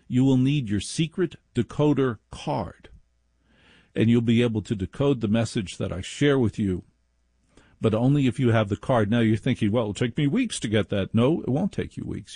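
A man hosting a radio talk show from his home, rambling sardonically and mocking listeners in high put-on voices. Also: lively intonation, normal speed, warm tone, husky, no echo, studio quality. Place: home laundry room studio.

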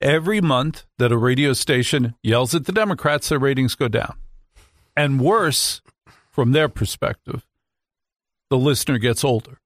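A man's voice: medium pitch, moderate pace, no echo. A man hosting a nightly radio talk show, talking into a studio microphone with sarcastic, mock-outraged asides.

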